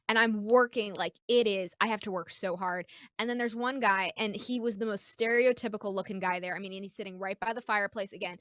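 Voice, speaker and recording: High, bright, animated woman comic. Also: quick pace, few pauses, no echo. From New York. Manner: animated, acts out the people in her stories. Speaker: comedian, guest. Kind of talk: casual chat, comic storytelling.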